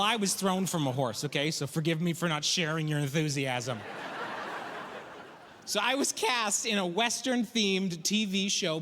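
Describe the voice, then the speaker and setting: A man from the prairies doing stand-up, his voice high and bright. His storytelling swings widely, acting out every character. A long hall reverb trails his voice over faint noise. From Canadian prairies. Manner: animated storytelling, acts out characters. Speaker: stand-up comic. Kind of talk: stand-up comedy.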